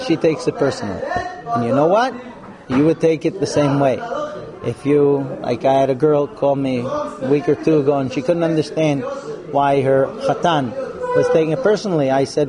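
A man teaching a live class on marriage, talking frankly and acting out couples' lines in put-on voices. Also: medium pitch. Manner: animated, acts out quoted couples. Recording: live room with audience noise.

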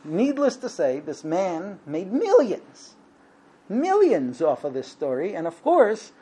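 A man in his thirties telling a religious story in a casual, lively way, acting out the voices of the people in it. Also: high-pitched, takes it slowly, breathy edge. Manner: lively, acts out quoted voices. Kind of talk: storytelling talk.

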